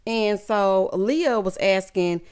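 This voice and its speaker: A woman's voice: medium pitch, slow pace, clean tone. A woman recapping a reality show in casual, sassy commentary, acting out the cast's lines. She is just getting over being sick. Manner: sassy, animated, acts out quotes of cast members. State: recovering from illness. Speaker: recap vlogger.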